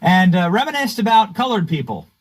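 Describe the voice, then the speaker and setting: Host, male, mocking commentary, lively swooping pitch, a bit high. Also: brisk, poor audio. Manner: sarcastic, mocking. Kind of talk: political commentary.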